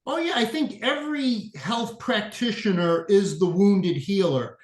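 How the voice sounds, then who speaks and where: Man, fifties, Boston accent, high voice, echoey room, earnest guest. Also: unhurried. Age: 50s. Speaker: guest, functional medicine practitioner. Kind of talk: interview conversation.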